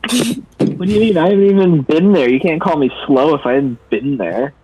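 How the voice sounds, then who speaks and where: A man's voice: a little high, lively intonation, normal speed, mellow, a little hiss or hum, low-quality recording. Skeptical male tabletop player. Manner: dry, skeptical questions. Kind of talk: casual tabletop game play.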